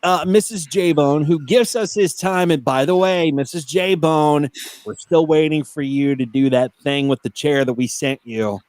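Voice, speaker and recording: A man's voice: a little high, measured pace, a little mellow, no room sound. A man co-hosting a casual wrestling podcast, joking around and calling out hype introductions like a ring announcer. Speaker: podcast co-host.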